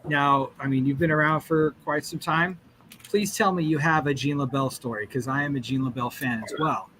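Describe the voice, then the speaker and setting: A man hosting a podcast, asking his guest questions in a relaxed, casual way. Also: mid-range voice, moderate pace, slight background noise, poor audio. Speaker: podcast host. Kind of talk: casual interview.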